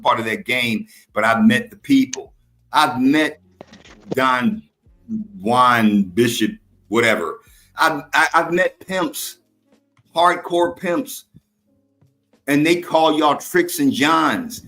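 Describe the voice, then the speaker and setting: A man's voice: mid-range voice, animated, slow, pauses often, pushed and bright, soft background music, low-quality recording. Blunt lecturing older man in a heated debate. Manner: blunt, lecturing, talks over others.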